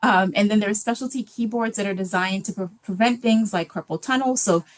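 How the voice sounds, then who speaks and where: A woman presenting a library webinar in a relaxed, casual way, with many filler ums. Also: medium pitch, fairly quick, slight background noise.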